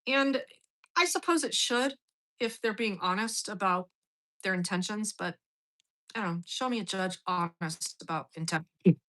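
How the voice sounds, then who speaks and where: A middle-aged woman with a bright, forceful voice talks through a personal story in a loose, casual monologue. She is blunt and swears freely as she goes. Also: medium pitch, lively intonation, moderate pace, long pauses, low-quality recording. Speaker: host.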